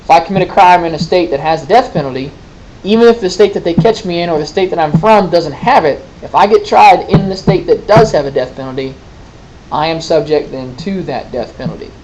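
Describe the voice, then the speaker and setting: A man's voice: on the high side, brisk, darkish tone, a little hiss or hum, poor audio. Male teacher quizzing a class. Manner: conversational, quizzing students, folksy asides. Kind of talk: classroom lecture with questions.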